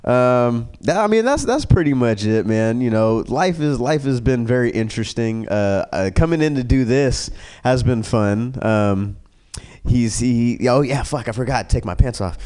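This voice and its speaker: Rambling, lively comic man telling stories. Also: medium pitch, moderate pace, clean tone. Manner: crude, rambling, lots of ums and mimicked voices. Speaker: comedian podcast guest. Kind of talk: casual storytelling.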